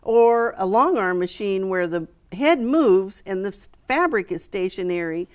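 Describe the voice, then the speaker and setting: Chatty middle-aged American woman, mid pitch. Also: lively intonation, unhurried. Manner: chatty, enthusiastic, with frequent fillers and restarts. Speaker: quilt show executive director. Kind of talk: relaxed interview chat.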